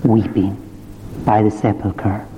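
A man's voice: on the low side, flat delivery, slow pace, mellow, slight background noise. A man preaching a sermon, retelling the story with rising fervour. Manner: impassioned, rising to fervent climaxes. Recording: dull reverberant church recording.

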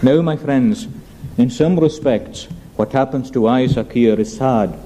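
A man preaching a sermon in an earnest, measured way, addressing the congregation as his friends. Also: medium pitch, warm tone, a little hiss or hum, low-quality recording. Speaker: pastor.

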